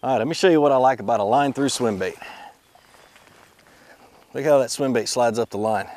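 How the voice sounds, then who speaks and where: A man hosting a fishing video from a boat outdoors, excitable and quick to laugh, talking to the fish as he reels them in. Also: mid-range voice. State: out of breath.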